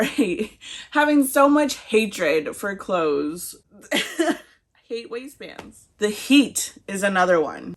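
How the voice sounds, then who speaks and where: A woman in her thirties talks casually to her viewers, a little out of breath between words. She is chatty and laughs often, and her voice sits at an ordinary middle pitch. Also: a bit bright. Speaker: vlogger. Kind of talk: casual talk to camera.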